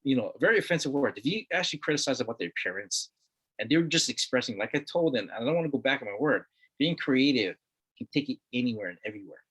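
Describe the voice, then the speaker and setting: A man's voice: medium pitch, animated, quick pace, a bit bright, husky. A middle-aged man from Hawaii, a guest talking earnestly in a casual conversation, repeating words for emphasis. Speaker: interview guest.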